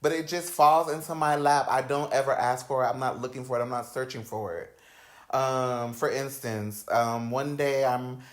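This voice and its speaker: A young man hosting a podcast, telling personal stories in a candid, slangy, dramatic way, dropping to low mutters and rising to loud outbursts. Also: steady tone, moderate pace. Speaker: podcast host. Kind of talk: candid storytelling chat. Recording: roomy echoey room.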